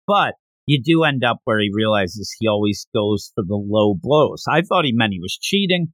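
A man hosting a podcast, recapping a comic in an animated, rambling casual chat. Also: fairly low pitch, normal speed, dry recording. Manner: animated, rambling retelling with lots of fillers. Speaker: podcast host.

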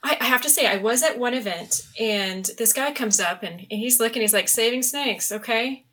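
Middle-aged woman, bright clear voice, a bit high, chatty storyteller doing little voices. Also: fairly quick. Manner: animated storyteller, acts out quotes. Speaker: guest author. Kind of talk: casual podcast chat.

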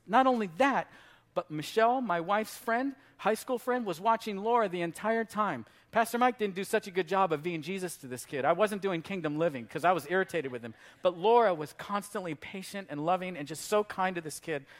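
A middle-aged man preaching a sermon as pastor, telling a story with animated delivery and shouting for emphasis. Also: sits high.

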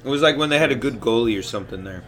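A man chatting casually on a podcast, cutting in with quick reactions and questions. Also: mid-range voice. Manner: slow, lively interjecting. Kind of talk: casual chat.

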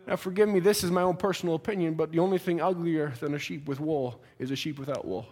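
A man preaching a folksy sermon in church, building from a conversational tone to fervent, near-shouted exhortation. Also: fairly high pitch, fast talker, hardly any pauses.

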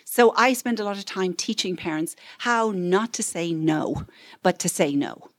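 A woman's voice: medium pitch, moderate pace, a bit bright, no echo. A woman counselor giving a parenting talk, telling stories and acting out what parents and children say, with frequent "right?" asides.

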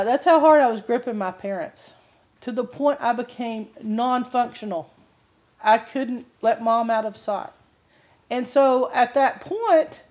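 An older woman giving a sermon-style Bible teaching, telling a personal testimony with animated storytelling and frequent laughter. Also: fairly high pitch.

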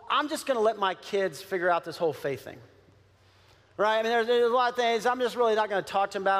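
Man preaching, high-pitched voice, chatty and animated, long hall reverb. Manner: conversational, animated, with many fillers and restarts. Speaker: pastor. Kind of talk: sermon. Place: church sanctuary.

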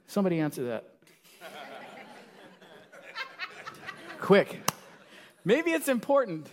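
A male pastor preaching a sermon, animated, swinging from loud bursts to quiet asides. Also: high voice, drawn-out words, long pauses. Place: church sanctuary. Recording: long reverb of a large hall.

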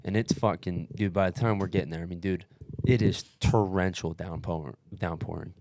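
A man telling a race story in casual chat, profane and animated, with lots of fillers and restarts. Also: deep voice, moderate pace, slight background noise.

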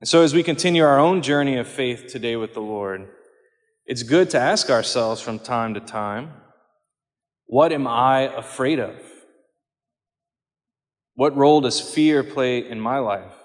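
A man giving a homily on scripture in a measured, earnest way, slowing down whenever he quotes. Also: medium pitch. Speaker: priest. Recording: long hall reverb.

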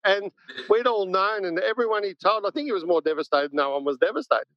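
A man in casual conversation, a blunt and animated storyteller who swears and laughs easily. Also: high-pitched, brisk, no echo. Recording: dry, dull lo-fi sound.

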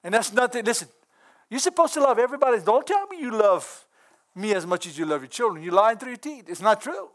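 A man with a high voice preaches in a folksy, earnest way. He is middle-aged and breaks into chuckles as he talks. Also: expressive, fast, a bit bright. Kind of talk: sermon.

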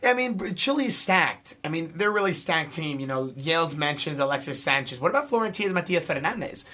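A man hosting a casual sports talk show, excitable and full of fillers. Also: fairly high pitch, fairly quick. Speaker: podcast host.

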